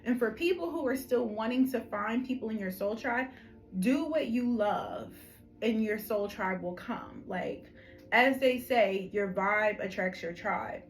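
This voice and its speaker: A woman with a Philadelphia accent speaks in a fairly high, unhurried voice over soft background music, and the audio quality is poor. As a tarot reader, she gives a collective reading to camera in a chatty, affectionate way, calling viewers "honey." She's animated and emphatic, checking in often with "okay?"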